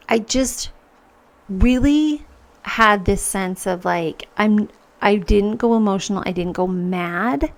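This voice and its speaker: A woman's voice: medium pitch, darkish tone. A woman hosting a podcast, speaking earnestly in a reflective personal monologue, with many restarts as she acts out her own thoughts. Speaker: podcast host.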